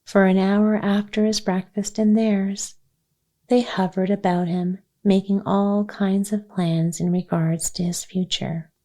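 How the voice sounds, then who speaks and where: A woman gently narrating a children's chapter book as a soothing bedtime story for sleep. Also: mid-range voice, flat delivery, unhurried. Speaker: audiobook narrator.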